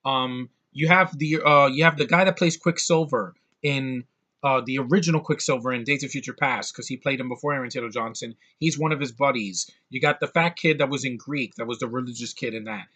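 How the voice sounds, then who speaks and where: A man's voice: medium pitch, fairly quick, sharp tone. A man giving a blunt, sarcastic, profane rant as a movie reviewer. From United States.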